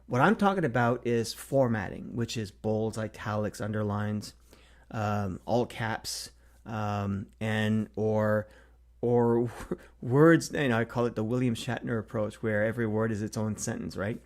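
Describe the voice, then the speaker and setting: A man's voice: lowish voice, a little slow. Man musing on marketing with fillers. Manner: thinks aloud with frequent fillers and restarts. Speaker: marketing consultant hosting a Q&A series. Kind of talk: casual solo talk to camera.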